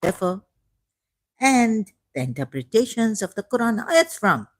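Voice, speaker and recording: A woman's voice: medium pitch, sing-song, normal speed, a little hiss or hum. A woman giving casual, sarcastic commentary while reading aloud from a screen. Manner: sarcastic, mocking. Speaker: video creator.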